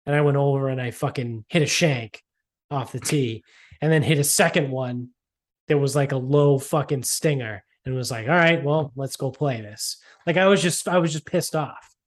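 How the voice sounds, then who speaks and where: A man's voice: mid-range voice, normal speed. A man from the Boston area co-hosting a casual podcast, rambling and swearing with lots of "like". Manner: rambling, profane, fillers like "like". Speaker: podcast co-host. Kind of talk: casual chat.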